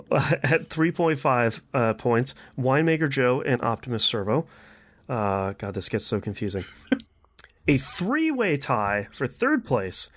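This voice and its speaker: A man hosting a casual gaming podcast, reading out results with slow, drawn-out pauses. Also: mid-range voice, fairly bright tone. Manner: upbeat, reads results slowly with drawn-out pauses. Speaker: podcast host.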